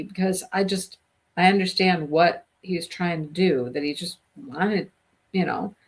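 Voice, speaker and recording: Casting note: middle-aged woman, slightly low voice, casual vlog host, emotional storytelling with quoted dialogue.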